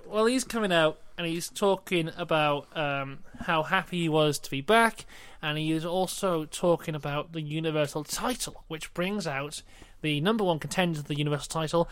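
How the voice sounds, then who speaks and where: A man's voice: fairly high pitch, a bit bright, smooth, dry recording. A young British man co-hosting a casual wrestling review podcast, recapping matches with playful quoted asides. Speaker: podcast co-host.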